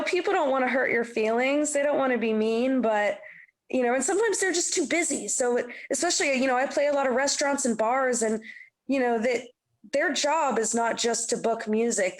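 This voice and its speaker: A woman's voice: a little high, fairly quick. A young adult woman musician, telling stories in a casual interview, chatty and full of "you know" fillers. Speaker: musician guest. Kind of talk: casual interview chat, storytelling.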